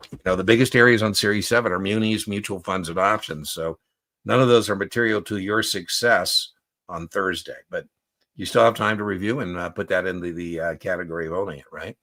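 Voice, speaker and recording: A man's voice: sits low, a little fast, pushed and bright. A man coaching exam takers on a live stream. He talks casually, often asks "right?", and tells stories from his own life as examples.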